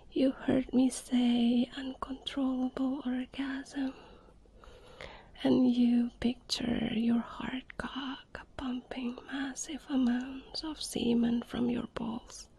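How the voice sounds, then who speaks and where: A woman in whispered role-play, high-pitched and held in a narrow, even range. She moves very slowly through hesitant pauses, and her mellow whisper carries a gravelly edge. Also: no echo. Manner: slow unvoiced whisper with long hesitant pauses. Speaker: audio performer.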